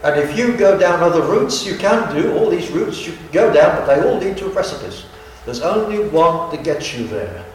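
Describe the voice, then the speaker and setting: Higher-voiced guy preaching a sermon, earnest and repetitive, really echoey room, mic far away. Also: expressive, moderate pace, soft background music.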